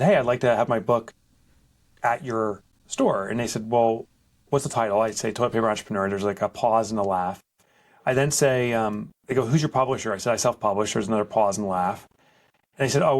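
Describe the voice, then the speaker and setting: A man, a podcast guest telling a story with lots of life and acting out the people in it. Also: on the low side. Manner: lively, acts out other people in quoted voices. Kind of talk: animated storytelling in conversation. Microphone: podcast microphone.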